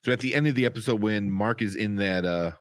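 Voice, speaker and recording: A man co-hosting a podcast, recapping a TV episode in a rambling, casual way that turns animated when he gets excited. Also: fairly low pitch, fast, no echo, studio quality. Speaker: podcast co-host.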